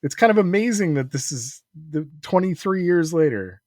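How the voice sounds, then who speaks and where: A man in his forties co-hosting a podcast, easygoing and quick to laugh. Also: fairly high pitch, animated, a little mellow, no room sound, studio quality. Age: 40s. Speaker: podcast co-host. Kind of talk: casual comedic chat.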